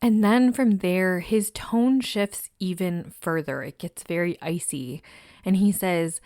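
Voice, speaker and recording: A woman hosting a true crime podcast, narrating a case in a measured, somber way. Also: fairly low pitch, dark tone, dry recording, studio quality.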